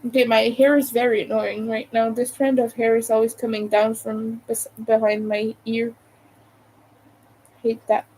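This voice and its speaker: A woman casually chatting to her livestream viewers while she crochets, talking half to herself between quiet pauses and sounding tired. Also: a little high, flat delivery, rough recording.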